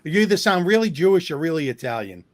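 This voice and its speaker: A man's voice: a little high, big pitch swings, quick pace. A man with a New York accent, co-host of a comedy podcast, joking in casual chat. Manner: joking, talks over others.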